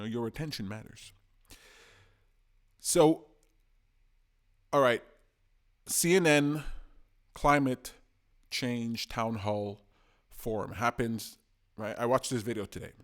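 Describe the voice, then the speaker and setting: A man, giving excitable, rambling political commentary for a video blog and often tacking on "man". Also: medium pitch, takes it slowly, pauses often. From Canada.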